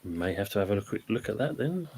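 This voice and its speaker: A fairly low-voiced man hosts a relaxed live-stream chat about football. He talks in a loose, rambling way and stops now and then to read viewer comments aloud. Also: a little fast, slightly rough. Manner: chatty, reads out viewer comments. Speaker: host.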